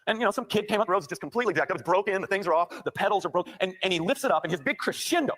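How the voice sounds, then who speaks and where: A man preaching a sermon, telling a personal story that builds to impassioned shouting. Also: sits high, animated, racing, few pauses. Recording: sermon clip played back.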